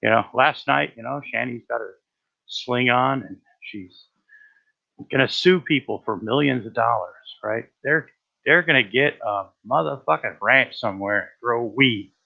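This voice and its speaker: A man's voice: medium pitch, moderate pace, creaky. Profane rambling man on a live stream. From Rhode Island, USA. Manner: profane, rambling, stammering with fillers and repeats. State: a little out of breath. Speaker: livestream host. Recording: dull lo-fi stream audio.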